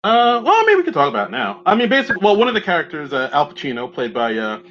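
A man's voice: sits high, very animated, rapid-fire. A man co-hosting a podcast in casual chat, rambling with lots of "like" and restarts. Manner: rambling, many fillers and restarts. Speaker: podcast co-host. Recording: dull lo-fi mic with faint hum.

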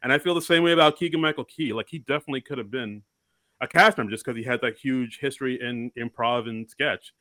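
Podcast co-host, male, eager and upbeat, bright tone. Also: medium pitch, fast talker. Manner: enthusiastic, excitable. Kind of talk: casual chat.

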